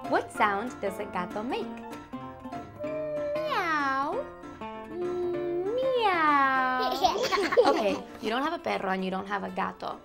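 A woman teaching toddlers simple words, slow and sing-song, with playful sounds. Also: on the high side. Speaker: children's Spanish teacher.

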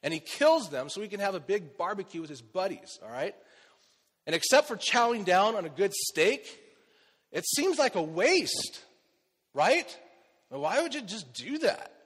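A man's voice: high-pitched, big pitch swings, measured pace, fairly bright tone, husky, long reverb tail. A man preaching a sermon as pastor, in a conversational way, often asking rhetorical questions and checking in with "okay?" and "right?". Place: church.

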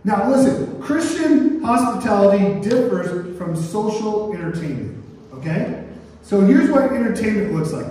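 A man's voice: high-pitched, a little slow. A male pastor preaching a sermon, telling stories and firing questions at his congregation. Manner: animated preaching with call-and-response questions. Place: church sanctuary. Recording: roomy church hall, mic at a distance.

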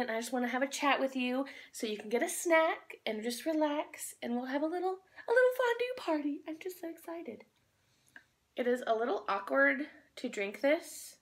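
Bubbly young woman chatting while eating. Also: fairly high pitch. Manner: bubbly, excitable, rambling; talks with her mouth full. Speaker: vlogger. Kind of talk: casual chat while eating. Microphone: phone.

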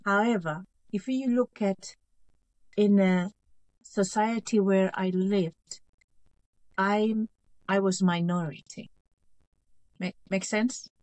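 A woman in her fifties raised in North Korea, a guest author in an interview, speaking in a halting, earnest way, repeating phrases and checking she is understood. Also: mid-range voice, fairly even intonation, darkish tone, no room sound, rough recording. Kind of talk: interview conversation.

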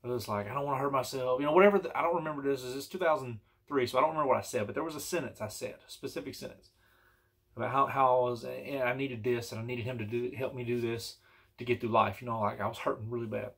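Quick-paced and husky, a man with a medium-pitched voice tells a personal vlog story casually and earnestly, wandering along with frequent restarts and fillers.

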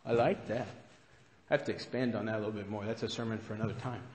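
A man's voice: fairly low pitch, steady tone, fast, darkish tone, in a large hall, slight background noise. A man preaching a sermon as pastor, in a conversational way that keeps putting questions to the congregation. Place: church sanctuary.

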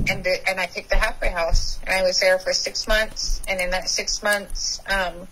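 A woman's voice: on the low side, pushed and bright, slight background noise, low-quality recording. A young woman, a podcast guest, candidly and emotionally telling her personal recovery story.

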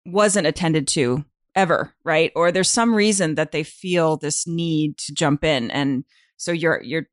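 A woman with a somewhat low voice hosts a podcast conversation. She listens with many short replies and thinks aloud as she builds her questions. The recording is close and dry. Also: unhurried, dry recording. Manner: warm listener, frequent backchannels and laughter. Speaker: podcast host. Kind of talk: casual interview.

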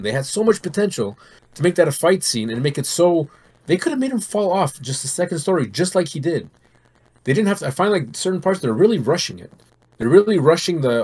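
Husky man rambling in casual chat. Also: fairly high pitch, quick pace. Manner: rambling, animated storytelling. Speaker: podcast co-host.

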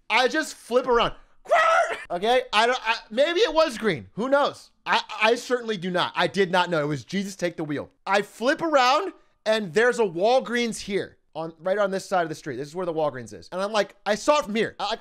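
A young man streaming, telling a long personal story in a casual, profane, animated way and laughing often. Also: high-pitched.

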